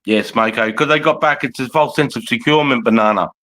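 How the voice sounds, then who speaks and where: A veteran livestream host, a man with an Australian accent, speaks in a mid-range voice at a quick pace with a sharp tone. His casual live commentary is blunt and rambling, full of swearing. The recording is rough, with a little hiss or hum.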